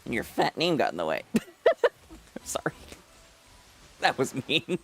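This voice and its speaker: A man's voice: on the high side, wildly swooping pitch, measured pace, gravelly, a bit bright, soft background music. A man streaming a game and chatting with viewers, teasing them, swearing freely and laughing often. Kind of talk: casual live-stream chat with viewers.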